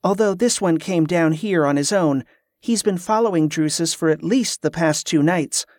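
A sharp young woman mage, her voice pitched well up and blunt in her questions, as a male narrator puts her on. The reading is dry and close, with no room sound. Her words come straight and searching. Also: normal speed, dry recording, natural voice. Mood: matter-of-fact.

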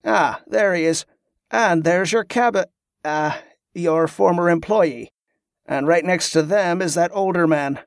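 A man's voice: sits high, a little slow, no echo, studio quality, pitched above the performer's own voice. A man voicing a polite, wry young nobleman. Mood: curious.

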